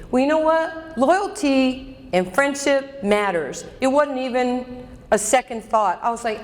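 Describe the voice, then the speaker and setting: A woman in her fifties delivers a motivational keynote in an emphatic, direct way, with a somewhat high voice. Her words carry through a microphone into a large banquet hall with long reverb. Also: animated, unhurried. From New York. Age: 50s. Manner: emphatic, direct, calls out audience members. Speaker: keynote speaker.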